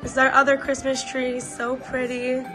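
A woman's voice: high voice, completely flat delivery, moderate pace, over music. A young woman filming a casual home vlog on her phone, bubbly and gushing as she shows her family gathering. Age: young adult. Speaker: vlogger. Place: busy family home indoors. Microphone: handheld phone camera.

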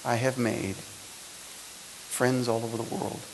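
A man in his sixties giving a motivational speech to students, his delivery swinging between loud emphasis and soft, intimate lines. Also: mid-range voice, little pitch movement, slow pace, noisy background. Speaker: speaker. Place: lecture hall.

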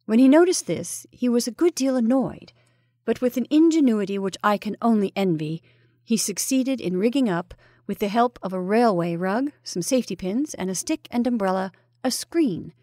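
A woman storyteller reading a ghost story aloud with measured, even narration. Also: mid-range voice, no room sound, studio quality.

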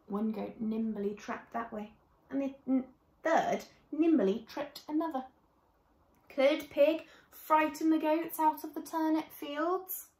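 Slow, gentle woman reading a children's story. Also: a little high, reverberant. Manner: gentle, expressive, addresses children directly.

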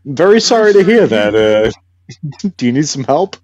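A man hosting a casual podcast, his voice moving lively in pitch. He answers in a dry, amused, deadpan way. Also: a little slow, highs cut off. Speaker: podcast host. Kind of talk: casual chat.

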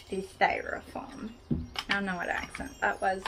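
A woman's voice: mid-range voice, monotone, moderate pace, sharp tone, soft background music. A woman hosting a casual craft tutorial, chatting to the viewer and poking fun at herself as she works. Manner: chatty and self-deprecating, talking to the viewer while working.

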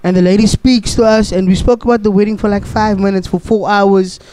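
A man's voice: sits high, steady tone, brisk, darkish tone, a little hiss or hum. A man with a South African accent, a podcast guest earnestly sharing a faith testimony and often saying "bro". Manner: earnest, preachy, calls listener "bro". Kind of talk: casual testimony. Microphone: studio mic.

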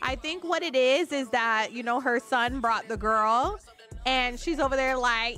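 A woman's voice: high voice, measured pace, soft background music. Slangy young woman gaming host. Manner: slangy, expressive, profane. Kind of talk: casual gameplay commentary.

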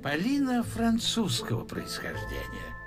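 An actor voicing a stocky, courteous old grandfather in a wheelchair in a video game, speaking in slow, measured explanations. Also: fairly high pitch, huge pitch swings. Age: older. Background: game music.

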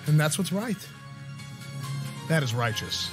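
Excitable streamer guy, high voice, dramatic punchy storytelling, music going behind. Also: unhurried. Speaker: streamer host. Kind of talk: animated recap storytelling.

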